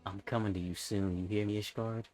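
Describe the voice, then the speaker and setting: A man's voice: lowish voice, fairly quick. A man hosting a gaming channel, joking and talking back to characters while he plays. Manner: animated, joking, talks back to the game. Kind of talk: casual let's-play commentary. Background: game music.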